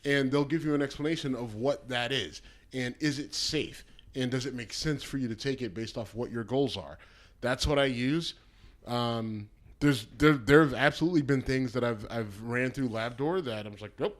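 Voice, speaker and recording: A man's voice: medium pitch, moderate pace. A man co-hosting a casual podcast, talking bluntly and throwing in crude jokes. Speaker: podcast co-host. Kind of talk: casual chat.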